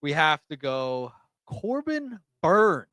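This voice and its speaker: A man's voice: on the high side, very animated, slow, sharp tone, slight background noise. A man co-hosting a casual sports podcast. He quizzes his partner with prediction questions. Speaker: podcast co-host.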